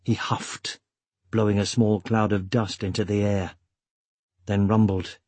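A man narrating an audiobook with measured, steady storytelling. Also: on the low side, no room sound. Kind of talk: scripted narration.

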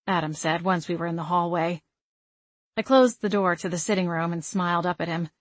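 Lady reading a novel out loud, lowish voice, soft and measured, dry close mic. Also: steady tone, dry recording. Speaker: audiobook narrator. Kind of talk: first-person audiobook narration.

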